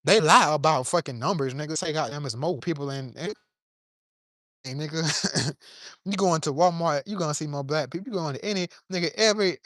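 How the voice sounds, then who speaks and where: A man's voice: a little high, brisk, fairly bright tone, no echo, clean studio sound. A man giving an impassioned, profane monologue to camera from his yard, preaching in plain street talk while a little under the weather. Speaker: vlogger.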